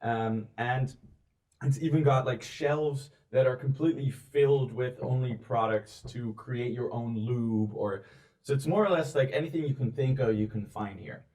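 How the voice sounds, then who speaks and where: A man in the role of game master, describing a scene for his players. He speaks casually and haltingly, with frequent ums and likes, at a middling pitch. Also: a little mellow. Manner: hesitant, filler-heavy narration. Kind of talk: narrating a tabletop game.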